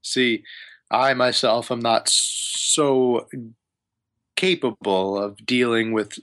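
A haughty wizard, put on by a man running a tabletop game who drags each phrase out slowly and lingers on thoughtful hums. He sounds lofty and a little sly, with an old-fashioned, condescending turn of phrase. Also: medium pitch, fairly even intonation, fairly bright tone, pitched below the performer's own voice. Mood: grateful, musing. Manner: slow, drawn-out phrases with musing hums. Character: pompous scheming male wizard, drawn-out speech. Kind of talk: tabletop role-play voice.

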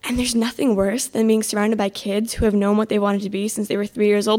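A woman's voice: medium pitch, level tone, a little fast, warm tone. A teenage girl telling a personal story in an exasperated, sarcastic, self-mocking way. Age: mid-teens.

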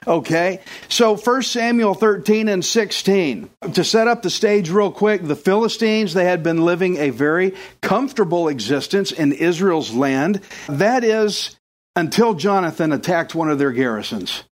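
A male pastor delivering a sermon with animated storytelling. His speaking voice sits fairly high for a man, and he slips into character voices as he tells a tale. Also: unhurried.

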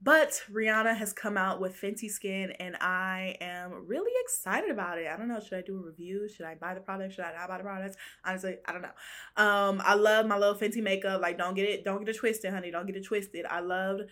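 A woman's voice: mid-range voice, a little fast, pushed and bright. A woman hosting a casual solo podcast, chatty and slangy, laughing often and calling listeners honey. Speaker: podcast host. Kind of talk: casual solo pop-culture chat.

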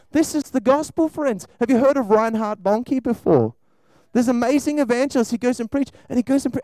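A man preaching an animated sermon to children and a congregation, acting out voices as he goes. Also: high voice, dry recording, poor audio. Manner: animated, acts out voices, shifts between loud and soft.

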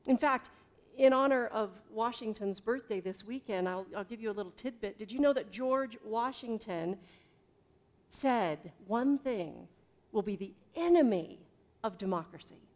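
A middle-aged woman preaching a sermon in a conversational way, with dramatic pauses and big swings in volume. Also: fairly high pitch, expressive, darkish tone. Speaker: pastor.

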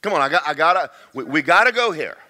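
A man's voice: on the high side, lively intonation, fast talker, bright, forceful tone. A man preaching a sermon, talking to his congregation in a chatty way, telling stories and repeating himself for effect. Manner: conversational preaching with storytelling and repetition. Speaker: pastor.

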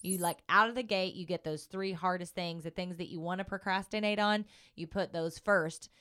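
A woman's voice: fairly low pitch, steady tone, normal speed, a bit bright, clean tone. A woman co-hosting a casual podcast chat, talking in an earnest, gushing way. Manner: earnest, gushing, fond of quoting people. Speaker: podcast co-host.

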